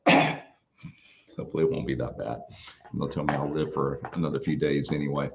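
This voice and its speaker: A man hosting a casual live Q&A from a small studio, talking in a relaxed, folksy way with plenty of fillers and restarts. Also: a bass voice, moderate pace, gravelly, lo-fi sound, slight background noise. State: out of breath. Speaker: parts company host answering viewer questions.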